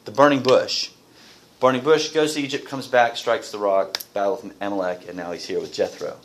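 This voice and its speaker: A man's voice: lowish voice, steady tone, fairly quick, slight background noise, poor audio. A man teaching a Bible study class, asking his group questions and reading verses aloud.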